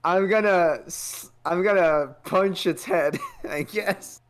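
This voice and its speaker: A man playing a tabletop game, describing his character's actions in a wry, unhurried way. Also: sits high. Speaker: player.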